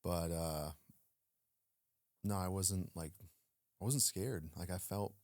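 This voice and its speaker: A low-pitched man who takes things slowly, recorded at studio quality with no room sound. He is a former Navy SEAL guest telling a story casually in an interview, animated, acting out the dialogue he quotes, with frequent fillers.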